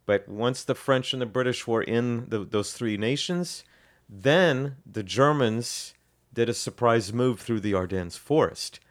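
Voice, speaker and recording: A man's voice: mid-range voice, a little slow. A man co-hosting a history podcast, casually explaining events with frequent ums, restarts and self-corrections.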